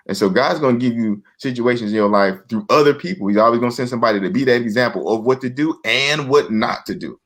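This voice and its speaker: Quick and nearly pause-free, the guest's slightly bright voice carries earnest, repetitive casual talk. He restarts sentences often and mimics quoted speakers in a higher pitch.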